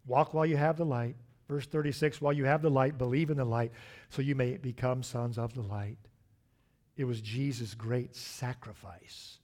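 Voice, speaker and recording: Man preaching with big swings in volume. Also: medium pitch. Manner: dynamic preaching, swinging from loud emphasis to hushed asides. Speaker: pastor. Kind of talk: sermon.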